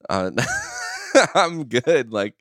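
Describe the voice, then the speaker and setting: A man's voice: medium pitch, very animated, extremely slow, fairly bright tone, no room sound, clean studio sound. A man co-hosting a podcast, chatting loosely and profanely about films. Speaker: podcast co-host. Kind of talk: casual film discussion.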